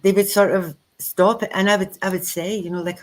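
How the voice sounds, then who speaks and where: A woman's voice: medium pitch, fairly quick, hardly any pauses, rough recording. A woman co-hosting a spiritual chat, telling stories in a casual way and acting out the dialogue she quotes. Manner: animated storyteller who acts out quoted dialogue.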